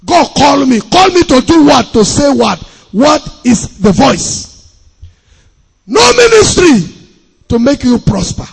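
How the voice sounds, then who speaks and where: A man preaching a sermon as pastor, emphatic and repetitive, with sudden shouts. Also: very high voice, animated, a little slow, gravelly, slightly rough. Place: church hall. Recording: long hall reverb.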